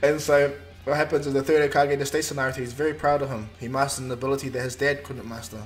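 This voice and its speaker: A man's voice: medium pitch, flat delivery, quick pace, soft background music. Man casually retelling a story. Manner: rambling, with fillers and restarts. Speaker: narrator.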